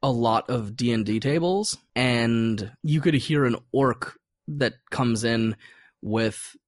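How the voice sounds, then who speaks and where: A man's voice: medium pitch, slow, dry recording. A man chats casually on a podcast, loose and easygoing, dropping "like" often and laughing between thoughts. His voice sits in a middle register. The sound is dry and close. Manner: chatty, laughs often, many "like" fillers. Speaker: game designer guest.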